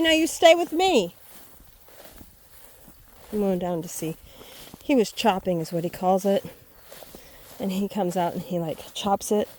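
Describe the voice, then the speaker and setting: A woman's voice: lowish voice, warm tone, slight background noise. Chatty woman on a farm walk. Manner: chatty, thinking aloud, calls sharply to her dogs. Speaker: homesteading vlogger. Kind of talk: casual walking vlog. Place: outdoors in a wet rural hay field. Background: dogs and rural outdoor sounds.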